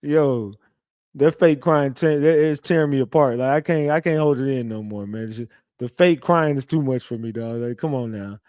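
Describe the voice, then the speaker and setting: A man's voice: mid-range voice, moderate pace, darkish tone, no echo, clean studio sound. A man hosting a casual live commentary stream, rowdy and teasing as he calls out to his chat. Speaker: livestream commentator.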